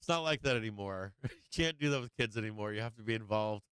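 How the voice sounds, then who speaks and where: A man's voice: lowish voice, animated, fast talker, a bit bright, clean tone, no room sound. A middle-aged man hosting a live stream from home, chatting in a rambling, casual way and greeting viewers by name. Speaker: live-stream market show host.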